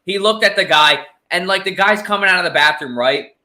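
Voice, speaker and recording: A man who is a guest on a casual sports podcast, telling stories in an animated way. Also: high-pitched, brisk. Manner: animated storyteller.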